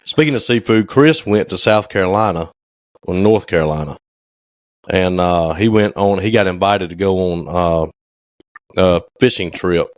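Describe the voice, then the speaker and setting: Low-ish guy rambling on a podcast, lots of "you know", dry sound. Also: moderate pace, no echo. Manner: rambling storyteller, many fillers. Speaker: podcast co-host. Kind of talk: casual chat.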